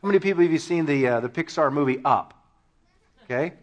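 A man preaching a sermon to his congregation, telling funny stories with sudden shouted punchlines and laughing along. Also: a little high, fast talker, lo-fi sound. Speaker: pastor.

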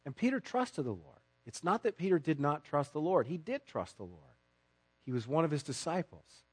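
A male pastor preaching a sermon in church, acting out the voices of the story with dramatic swings from loud to hushed. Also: fairly high pitch, big pitch swings, moderate pace. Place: church sanctuary.

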